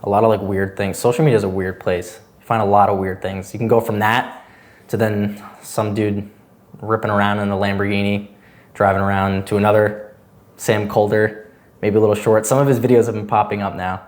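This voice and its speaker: On a podcast, a young male guest talks in a loose, wandering way and leans heavily on the word "like." He has a fairly low pitch and a level tone, and his pace is slightly quick.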